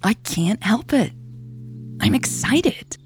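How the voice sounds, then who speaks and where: A woman voicing a calm, easily enthused woman scientist who speaks in an airy, wondering way in a read-aloud story. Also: fairly high pitch, slow pace, soft background music, pitched above the performer's own voice. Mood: excited. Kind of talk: audiobook character voice.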